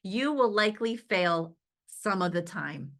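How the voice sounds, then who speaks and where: Lively in intonation and a little slow, her mid-range voice carries a casual, upbeat pep talk for a sales team. She peppers it with "right?" and laughter and reenacts past conversations.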